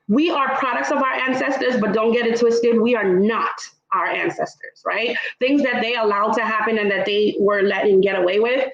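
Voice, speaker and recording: Here the same kind of speaker, a woman from Trinidad whose accent blends Trinidadian and New York sounds, has a creaky mid-range voice on a reverberant, lo-fi recording. She's a panelist in an online travel talk, stressing her points in a casual exchange and frequently tagging on "right?"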